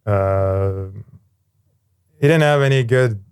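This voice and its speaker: A man in his forties, a former firefighter paramedic, telling his life story in a candid, animated way with casual swearing. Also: on the low side, takes it slowly, clear, resonant tone.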